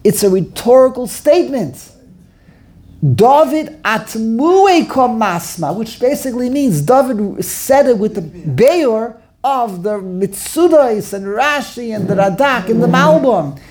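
A man teaching a Talmud class, animated and exclamatory, full of rhetorical questions. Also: very high-pitched, a little slow.

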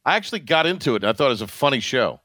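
A man's voice: mid-range voice, very animated, rapid-fire, pushed and bright, dry recording. A man hosting a sports radio show, chatting casually with wry asides and lots of self-interruptions. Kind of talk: casual sports talk chat. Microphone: studio microphone.

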